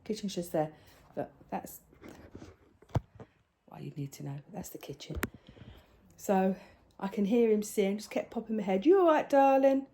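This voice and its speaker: Older woman, home crafting vlogger; relaxed mellow voice, rambling chatty delivery with quiet asides. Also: mid-range voice, measured pace, slight background noise. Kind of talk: casual chat showing crafts.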